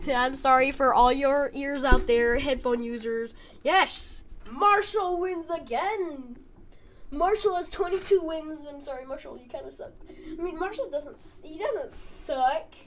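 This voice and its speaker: High-voiced woman in nervous game commentary. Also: measured pace, a little hiss or hum. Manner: jittery, squealing and apologizing when scared. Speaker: gaming YouTuber. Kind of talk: gameplay commentary. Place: cold bedroom. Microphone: desk mic.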